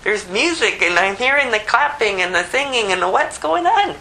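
A man's voice: sits high, sing-song, moderate pace, sharp tone, a little hiss or hum, voice pushed up, exaggerated voice, low-quality recording. A man voicing an indignant, hardworking elder brother who complains in an exasperated way.

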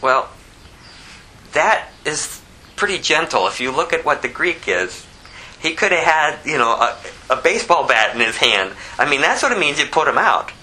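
Bright-voiced man teaching the Bible. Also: on the high side, normal speed, low-quality recording. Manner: lively and conversational, chuckles at his own asides.

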